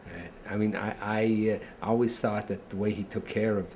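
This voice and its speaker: An older man reminiscing about family, telling stories in a halting way with chuckles. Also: lowish voice, fairly even intonation, darkish tone, a little hiss or hum. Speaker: family storyteller. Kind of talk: casual reminiscing.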